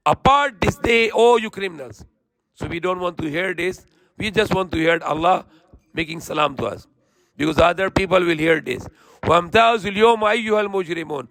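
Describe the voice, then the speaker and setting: A man's voice: on the high side, vocal fry, fairly bright tone, no room sound. A man preaching, reciting verses and then translating and explaining them earnestly. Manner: rapid, fluent recitation. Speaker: Islamic preacher. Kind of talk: verse-by-verse Quran commentary.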